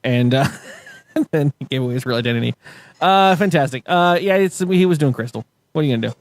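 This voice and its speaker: A man's voice: a little high, animated, fast talker, no room sound. A man telling stories on a casual podcast, rambling with many fillers and restarts and laughing often. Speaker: podcast co-host.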